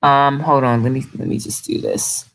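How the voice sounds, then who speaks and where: A man hosting a casual live video chat over a call, talking in a halting, distracted way with many restarts. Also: mid-range voice, steady tone, fairly bright tone, rough recording. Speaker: show host sharing his screen.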